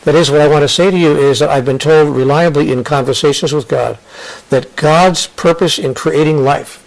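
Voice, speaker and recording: American guy in an interview, earnest and thoughtful, kinda high voice, keeps restarting sentences. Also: vocal fry, low-quality recording. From United States. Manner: earnest, restarts and repeats phrases, slows for emphasis. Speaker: interview guest, spiritual author. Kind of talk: reflective interview talk.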